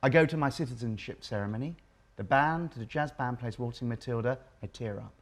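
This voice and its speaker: A man's voice: medium pitch, a little fast. An English man in his forties, a co-host speaking in a reflective, thoughtful way during a casual panel chat. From England.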